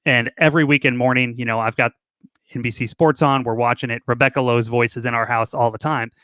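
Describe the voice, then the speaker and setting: A man co-hosting a casual podcast who tells stories with a joking manner. His voice is bright and forceful at a middle pitch. The sound is dry and close. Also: fairly even intonation, fast, smooth, dry recording. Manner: joking storyteller. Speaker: podcast co-host. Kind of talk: casual chat.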